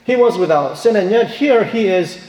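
A man preaches in a slightly high voice, leaning hard on key words and asking the room questions. His voice rings through a roomy hall with a long reverb tail. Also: lively intonation, moderate pace, darkish tone. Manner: emphatic, rhetorical questions, acts out quoted voices. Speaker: pastor. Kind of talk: sermon.

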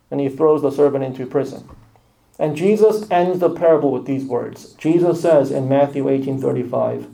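Male pastor preaching, kinda gravelly, mellow dark tone, stacks up short punchy phrases. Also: mid-range voice, poor audio. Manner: earnest, builds emphasis in short repeated phrases. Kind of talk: sermon.

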